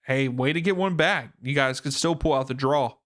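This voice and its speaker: A man's voice: medium pitch, moderate pace, a bit bright, no room sound, studio quality. A man hosting a live soccer watchalong stream, chatting casually and thinking aloud with fillers and restarts. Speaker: livestream watchalong host.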